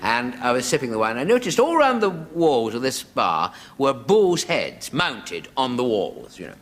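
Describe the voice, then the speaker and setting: A man's voice: medium pitch, sing-song, unhurried, a bit bright. A man, a comedian, telling a rambling comic anecdote in a chatty, stumbling, self-mocking way, in a noisy old studio recording.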